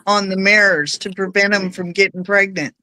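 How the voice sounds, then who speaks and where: Bright-voiced chatty woman. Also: mid-range voice, fairly even intonation, normal speed, no echo. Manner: chatty, anecdotal. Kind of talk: casual chat.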